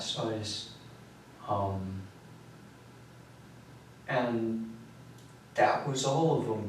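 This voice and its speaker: A young man giving a police confession in a recorded interview, talking in a halting, detached way with many pauses and fillers. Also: on the low side. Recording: echoey room recording from far off, faint hiss.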